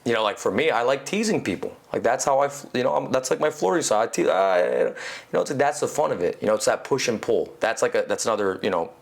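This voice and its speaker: A man talking as a podcast guest in casual conversation, animated and swearing casually, peppering his talk with "you know". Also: medium pitch, fast talker, vocal fry. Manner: animated, acts out quoted inner voices.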